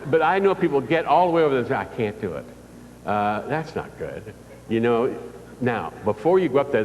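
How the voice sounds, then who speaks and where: A man's voice: fairly low pitch, slight background noise. An older man giving a live motivational speech, telling folksy stories and asking the audience questions. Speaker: motivational speaker. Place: large hall before an audience. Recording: distant reverberant hall recording.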